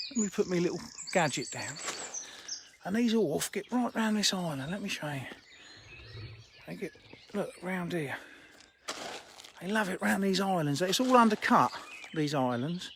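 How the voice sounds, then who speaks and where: A fishery owner live-streams while walking around his lake with his phone in hand, chatting informally, laughing, and speaking bluntly as faint birdsong plays outdoors. His voice sits high with a fairly bright tone, plus a little hiss or hum.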